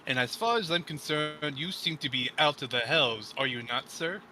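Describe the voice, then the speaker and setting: A man's voice: fairly high pitch, expressive, normal speed, pushed and bright, slight background noise, low-quality recording. A man playing a tabletop game, arguing a contract point in character with lawyerly, probing questions. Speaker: player.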